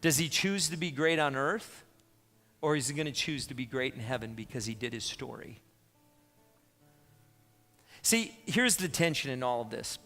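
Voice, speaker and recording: Bright-voiced male pastor preaching. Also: mid-range voice, expressive, moderate pace, pauses often, long reverb tail, faint music behind. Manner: emphatic, conversational preaching with asides to the congregation. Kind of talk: sermon. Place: church sanctuary.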